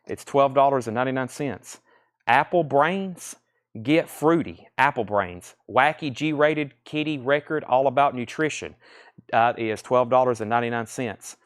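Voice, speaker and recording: Man, live sale host, brisk price-calling, mid-pitched voice. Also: fairly bright tone, clear, resonant tone. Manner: brisk price-calling, thinks aloud while inspecting records. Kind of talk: live-stream record auction patter.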